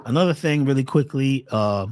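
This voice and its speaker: Male herbal health presenter, animated and preachy, with a lively mid-range voice. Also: mid-range voice, moderate pace, slight background noise. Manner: animated, preachy, full of rhetorical questions. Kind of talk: casual livestream health talk.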